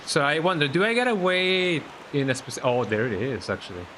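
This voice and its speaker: Relaxed man chatting while he streams a game. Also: a little high, fairly quick, a little hiss or hum. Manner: relaxed, rambling, tags lines with "eh?". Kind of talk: casual live-stream chat while gaming.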